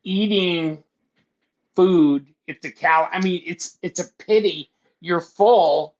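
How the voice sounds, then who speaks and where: A man's voice: high-pitched, takes it slowly, darkish tone. A man co-hosting a casual podcast chat who cracks jokes and teases his friend, often trailing off mid-sentence. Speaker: podcast co-host. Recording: dull lo-fi audio.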